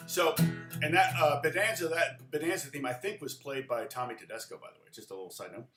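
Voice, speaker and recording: A middle-aged man teaching a live-streamed guitar lesson in a loose, chatty way, often counting rhythms out loud. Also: mid-range voice, fast, roomy sound. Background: guitar playing.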